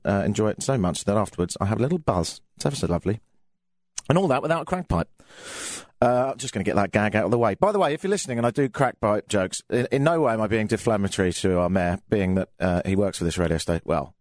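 A man's voice: fairly low pitch, lively intonation, fast talker, no room sound, studio quality. An English man hosting a live radio show, chatting casually with a sardonic, jokey tone and lots of fillers. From England. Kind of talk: casual comedic radio monologue.

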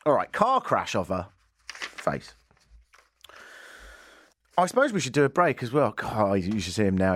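A man with an English accent, hosting a radio show with joking, self-mocking banter. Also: lowish voice. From England. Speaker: radio host. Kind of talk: casual radio chat. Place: radio studio. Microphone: studio microphone.

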